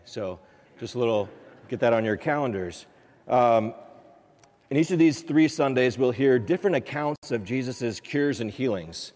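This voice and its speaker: A man, a priest, giving a relaxed, conversational homily with small fillers and restarts. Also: mid-range voice. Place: church. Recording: long church reverb.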